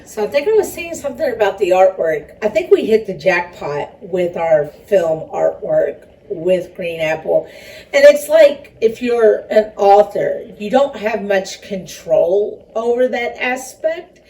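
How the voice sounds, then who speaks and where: A woman's voice: mid-range voice, very animated, measured pace, dark tone. A woman talking about her film and one-woman show in a rambling, chatty way, with self-conscious laughs. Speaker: filmmaker and performer being interviewed. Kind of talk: casual interview talk. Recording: distant mic with faint background noise.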